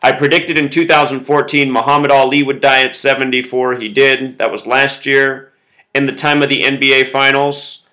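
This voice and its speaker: A man talks straight to the camera in a bright, forceful voice. He lays out his number patterns insistently, one point after the next, at a middling pitch for a man. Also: low-quality recording. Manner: insistent, explains with numbers, quotes song lyrics. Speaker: conspiracy video host. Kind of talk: solo monologue video.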